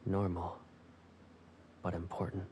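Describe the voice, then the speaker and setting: An actor voicing a quiet, devoted young man in a game, with a gravelly, soft-spoken delivery. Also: low voice, completely flat delivery, slow, noisy background. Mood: quiet devotion. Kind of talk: game voice acting.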